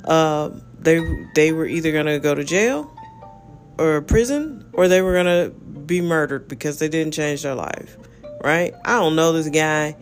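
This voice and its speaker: A man's voice: on the high side, a little slow, faint music behind. A man hosting a casual solo podcast, talking in a rambling, frank way full of fillers. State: yawning, relaxed. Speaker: podcast host.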